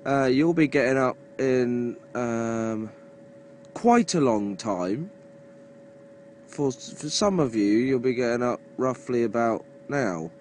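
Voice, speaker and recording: A man vlogging from his lorry cab before dawn, talking in a slow, drowsy, wry and grumbling way. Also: mid-range voice, animated, a little mellow, slight background noise. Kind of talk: casual early-morning vlog. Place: inside a lorry cab at night.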